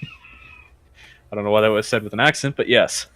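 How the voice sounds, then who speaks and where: A man narrating as game master in a relaxed, chatty way full of fillers. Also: fairly low pitch, moderate pace, no echo.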